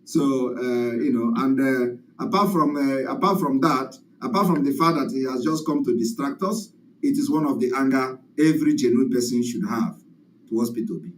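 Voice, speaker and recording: A man's voice: mid-range voice, normal speed, a little hiss or hum, poor audio. A man hosting a call-in program, affirming callers with frequent filler sounds. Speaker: host taking calls. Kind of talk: casual call-in chat.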